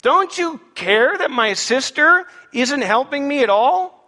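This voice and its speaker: A bold, exasperated woman, as a male preacher puts her on pleads in a high, bright, drawn-out whine. She sounds indignant and demanding. Her words ring through a big reverberant hall. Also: expressive, heavily acted.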